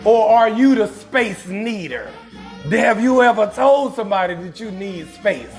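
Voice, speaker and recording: Loud high-voiced Southern male comedian. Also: measured pace, soft background music. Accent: Southern American. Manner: loud, profane, animated, reads chat names. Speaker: comedian hosting a live stream. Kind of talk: casual live-stream comedy rant.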